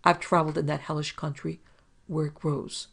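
A woman voicing a fierce, loyal male Afghan tribesman warrior who speaks in a slow, solemn way. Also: fairly high pitch, little pitch movement, creaky, a bit bright, husky, exaggerated voice.

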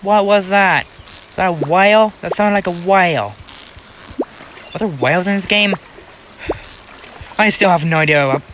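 A man's voice: fairly high pitch, sharp tone, a little hiss or hum, rough recording. A young American man giving rambling, casual commentary while playing a farming game, talking to himself with many restarts. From United States. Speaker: gaming channel host.

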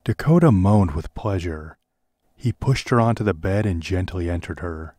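A man narrating a parody audiobook in a deadpan reading style. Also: low-pitched, normal speed, no echo.

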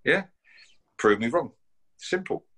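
A man's voice: medium pitch, animated, slow pace, bright, forceful tone. A man issuing a combative challenge to camera, blunt and full of swearing, who keeps tagging his sentences with "yeah?" and "mate". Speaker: bare-knuckle fighter issuing a challenge. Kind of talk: confrontational call-out to camera.

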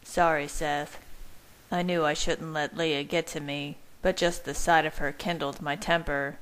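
A woman reading fan fiction aloud in a measured, even first-person narration. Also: deep voice, clean tone, low-quality recording.

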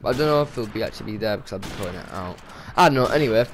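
A young gaming commentator with a fairly low, animated voice races through a casual rant over gameplay, a little hiss or hum audible behind him. Exasperated, he swears and bursts out suddenly.

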